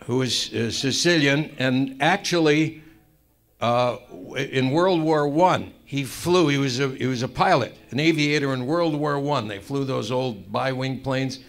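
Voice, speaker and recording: Male roast comic with a gravelly voice and middling pitch; deadpan tall tales delivered as solemn truth. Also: a little slow. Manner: deadpan tall tale, mock-sincere asides. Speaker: comedian roasting a friend. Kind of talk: stand-up storytelling at a roast. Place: club room with a live audience.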